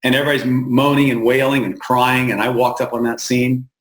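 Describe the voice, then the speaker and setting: A man's voice: mid-range voice, flat delivery, fairly bright tone. Earnest man telling war stories, roomy sound. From United States. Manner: plain-spoken, halting restarts, slows for emphasis. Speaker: founder of an aid group, interview guest. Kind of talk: earnest storytelling in an interview. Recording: roomy echo.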